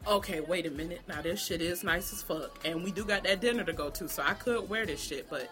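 Bright, profane woman ranting. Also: on the low side, fairly quick, soft background music. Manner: animated, profane, talks straight to viewers. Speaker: vlogger. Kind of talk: comedic gossip rant.

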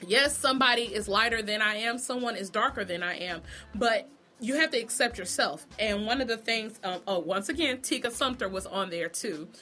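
A woman's voice: fairly high pitch, normal speed, sharp tone. A woman vlogger giving a blunt, profane, sassy opinion monologue about a TV show, laughing often.

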